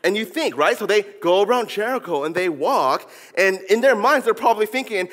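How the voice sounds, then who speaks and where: A man delivers a lively sermon in a high voice. He acts out characters from the story in casual slang. His voice rings with the long reverb of a church hall. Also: a little fast, few pauses. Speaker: preacher.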